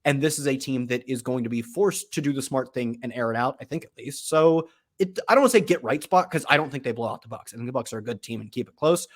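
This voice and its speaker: A man's voice: mid-range voice, fast, few pauses. A man on a football podcast, talking casually with a playful, teasing manner. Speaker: football analyst. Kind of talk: casual sports chat.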